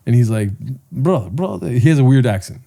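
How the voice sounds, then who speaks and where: A man's voice: mid-range voice, fast, warm tone. A young man co-hosting a casual podcast, telling loose stories full of crude jokes. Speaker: podcast co-host.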